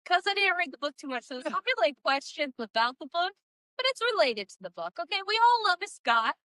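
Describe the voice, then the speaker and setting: A woman's voice: high-pitched, big pitch swings, fast, pushed and bright, no echo. A woman co-hosting a book podcast in casual chat, playful and teasing. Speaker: podcast co-host.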